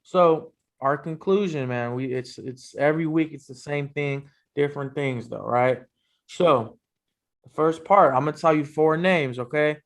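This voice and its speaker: Gravelly-voiced male podcast host. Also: fairly high pitch, a little slow. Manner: relaxed, loose, many fillers. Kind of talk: casual interview.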